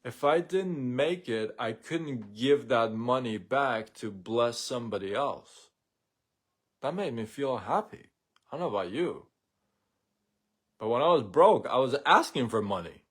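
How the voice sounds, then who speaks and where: A man's voice: medium pitch, lively intonation, a little slow, breathy edge. A man hosting a live show, talking in a blunt, sarcastic, opinionated monologue. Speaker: host of a daily live show. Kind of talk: casual monologue rant.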